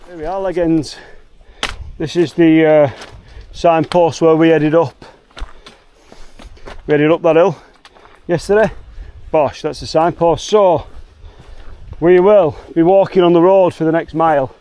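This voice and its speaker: A man's voice: fairly high pitch, fairly even intonation, unhurried, pauses often, mellow, clear, resonant tone. A chatty Liverpool man with a slightly raised voice talks straight to his viewers on a soggy fell walk. His delivery is slangy and cheerful, recorded on a handheld camera outdoors. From England. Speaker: hiking vlogger. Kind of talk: casual walking vlog. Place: outdoors on wet fells, later in a car.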